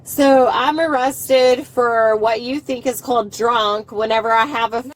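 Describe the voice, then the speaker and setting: Combative woman, high-pitched. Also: fairly even intonation, unhurried, rough recording. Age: 30s. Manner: combative, profane and mocking. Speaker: arrested driver, nurse. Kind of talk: heated roadside argument. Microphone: police body camera.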